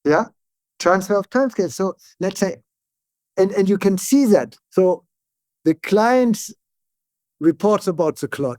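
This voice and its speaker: A neuroscientist guest speaking as an English speaker, explaining ideas in calm conversation and often checking in with "yeah?". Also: male voice, high-pitched, dry recording, clean studio sound. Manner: tag "yeah?" questions, frequent restarts, calm and deliberate.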